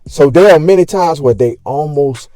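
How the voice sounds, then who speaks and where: A man with a dark, mellow voice narrates short recaps between interview clips. He sums up each story and points out what made it special. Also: a little high, expressive, moderate pace.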